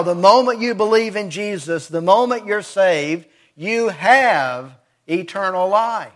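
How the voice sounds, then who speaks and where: A man preaching a sermon in an earnest, deliberate way, stressing key words as he explains a scripture passage. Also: high voice, a bit bright. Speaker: pastor.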